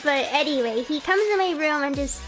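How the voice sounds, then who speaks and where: A young woman with a high voice tells a long, rambling story to her livestream chat. She is casual and chatty, full of fillers and asides to thank her viewers. Music plays clearly behind her. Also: a little fast. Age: young adult. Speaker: VTuber streamer.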